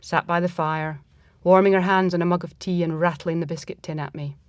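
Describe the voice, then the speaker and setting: A woman reading a first-person story aloud in a reflective, measured manner. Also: lowish voice, fairly even intonation, no echo, studio quality.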